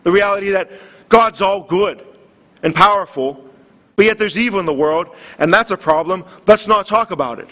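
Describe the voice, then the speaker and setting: A man's voice: high voice, normal speed, a bit bright. A man preaching a sermon, earnest and building in intensity. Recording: long hall reverb.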